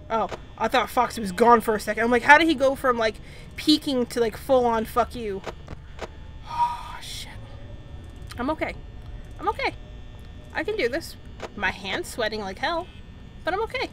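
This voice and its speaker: Young woman, high bright voice, nervous horror-game commentary, swears a lot, babbles. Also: expressive, moderate pace, long pauses, a little hiss or hum, low-quality recording. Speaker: gaming channel host.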